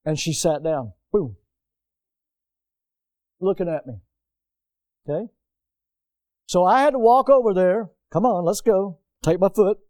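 A pastor preaching a folksy, animated sermon in a church, moving around the pulpit as he talks. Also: high voice, unhurried, pauses often. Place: church sanctuary.

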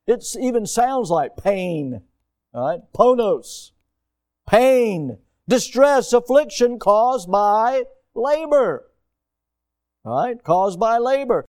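Man, high-pitched, folksy preacher who keeps quizzing his congregation. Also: a little mellow. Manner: folksy, emphatic, asks the congregation questions. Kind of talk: sermon.

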